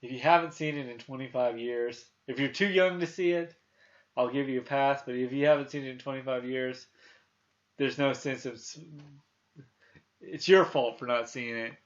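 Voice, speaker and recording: A man's voice: mid-range voice, moderate pace. Man in his thirties, movie talk host, rambling, filler-heavy, lo-fi sound. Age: 30s. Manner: rambling, many restarts and fillers, retells scenes. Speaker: podcast host. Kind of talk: casual movie review chat.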